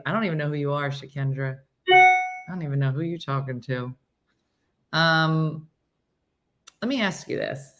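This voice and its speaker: A woman's voice: low-pitched, pushed and bright. Chatty sixty-year-old woman host. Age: 60s. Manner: chatty and self-mocking, reading out comments by name. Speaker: show host. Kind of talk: casual chat reading viewer comments.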